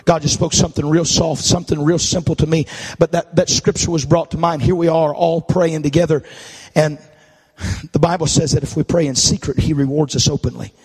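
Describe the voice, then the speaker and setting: A male preacher delivering a sermon, rising into shouted, sing-song preaching with rhythmic uh's. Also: on the high side, steady tone, a little fast, slightly rough, big-room sound. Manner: building to chanted, shouted preaching.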